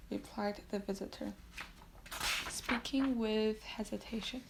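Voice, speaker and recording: A woman's voice: mid-range voice, fairly even intonation, measured pace, creaky, a little mellow, slight background noise, poor audio. A woman reading a classic novel aloud as an audiobook, sometimes dropping to a whisper and correcting her own slips. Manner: reads classic prose, with whispered passages and self-corrections. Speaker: audiobook reader.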